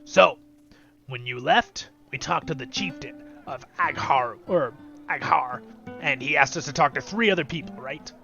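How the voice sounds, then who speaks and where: A man's voice: on the high side, unhurried, vocal fry, sharp tone, lo-fi sound, soft background music. A man hosting a game playthrough, chatty and laughing at himself while commenting. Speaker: let's play host. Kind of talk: casual gameplay commentary.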